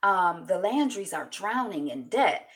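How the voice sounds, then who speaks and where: A woman vlogger recapping a TV episode in casual, animated talk full of fillers. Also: medium pitch, measured pace. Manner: animated, chatty storytelling with many fillers.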